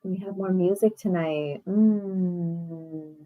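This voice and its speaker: A woman with a fairly low voice leads an online group prayer and meditation, speaking slowly over phone-quality audio. Her casual livestream talk is effusive, affirming, and encouraging.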